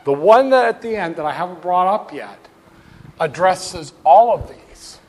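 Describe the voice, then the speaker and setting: A man's voice: high voice, animated, measured pace. A man giving a classroom lecture on finance, wry and storytelling, with asides to the class.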